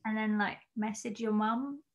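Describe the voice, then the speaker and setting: Soft-spoken young British woman. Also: on the high side, steady tone, normal speed, slight background noise. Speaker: actress guest. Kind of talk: casual interview chat.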